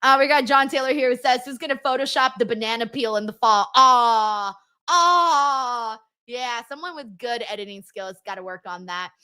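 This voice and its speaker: Woman streamer in her thirties, casual host, bright, forceful high voice, laughs and swears a lot. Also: quick pace, few pauses, clear, resonant tone. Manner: laughs often, swears casually, reads comments aloud. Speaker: live stream host reading chat. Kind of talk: casual live stream chat.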